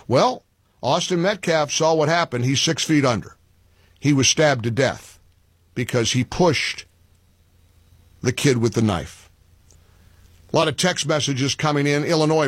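A man's voice: medium pitch, unhurried, pauses often, no room sound. A man hosting a talk radio show, speaking emphatically with sarcastic asides and taking callers.

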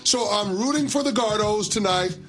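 A man's voice: high voice, normal speed, fairly bright tone, soft background music. A man co-hosting a sports talk show, playful, with a sing-song delivery.

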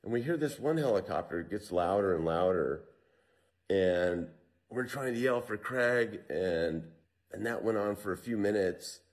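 A man with a very low, deep voice tells his survival story to an interviewer. He speaks in a loose, conversational way, full of fillers and restarts. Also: darkish tone. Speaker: interview guest.

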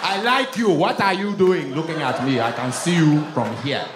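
A man voicing his brash cousin who calls out to women in a loud, blunt, commanding way. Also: on the high side, normal speed, very noisy, lightly acted. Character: brash Nigerian male cousin flirting crudely. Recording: roomy club with crowd laughter.

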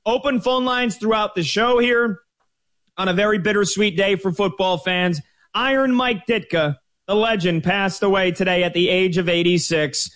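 A man hosting a sports betting radio show, opening it in an energetic, promotional way. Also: high-pitched, moderate pace.

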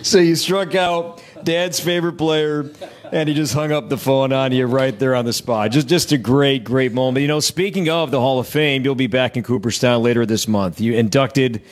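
A man interviewing a guest, setting up stories with smooth, prompting questions. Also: mid-range voice, steady tone, normal speed. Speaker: interviewer, broadcaster.

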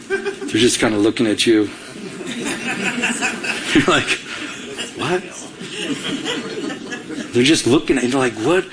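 A middle-aged man from Michigan, a pastor, preaching a sermon. His voice sits a little higher than most men's, and he tells his story with animation, acting out his own lines as he goes. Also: a bit bright.

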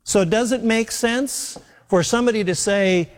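A man's voice: sits high, normal speed. Preaching man in a reverberant hall. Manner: earnest preaching, repeats key phrases, rhetorical questions. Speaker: pastor. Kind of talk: sermon.

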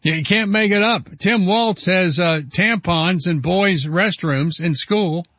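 Fired-up talk radio host guy, fairly high voice, dry dull lo-fi sound. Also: slow, fairly bright tone, no echo. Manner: indignant, emphatic, reads headlines aloud. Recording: dull lo-fi broadcast audio.

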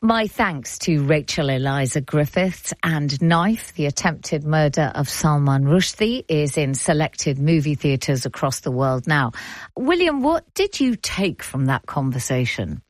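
A woman with an English accent hosting a radio arts show, presenting scripts crisply and playfully. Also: sits low, animated, a little slow, dry recording. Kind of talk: broadcast presenting and scripted narration. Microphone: studio mic.

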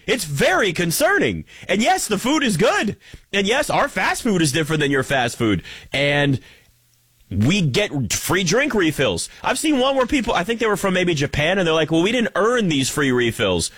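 A man's voice: high voice, sing-song, moderate pace, fairly bright tone, husky, dry recording. A man giving an opinionated sports talk monologue, wry and joking as he rants. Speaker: sports commentator.

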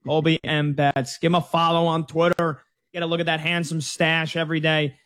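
Man, radio sports host, fairly high, breezy, jokey, dry close mic. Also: completely flat delivery, brisk, fairly bright tone, no echo. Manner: breezy, jokey plugging and questions. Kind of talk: radio show hosting.

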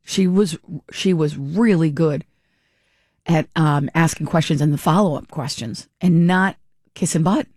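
A woman's voice: low voice, measured pace, a little mellow, husky, dry recording, studio quality. A woman hosting a talk radio show, giving chatty, opinionated political commentary with frequent restarts.

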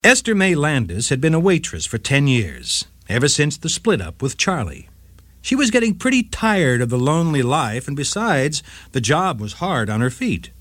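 A man's voice: a little high, normal speed, a little hiss or hum. A man hosting a short legal radio segment, reading a scripted case story with dramatic flair. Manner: dramatic, lively storytelling read.

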